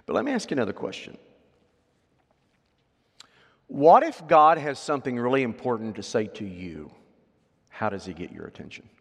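Male pastor, lively sermon delivery, medium pitch, long hall reverb. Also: fairly quick, gravelly, husky. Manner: lively, rising to loud emphatic readings then dropping to quiet asides; asks the congregation questions.

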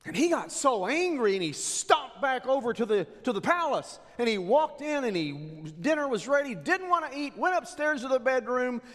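A man preaching a sermon, retelling a scripture story with animated, dramatic delivery. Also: very high voice, normal speed, few pauses. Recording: echoey hall reverb.

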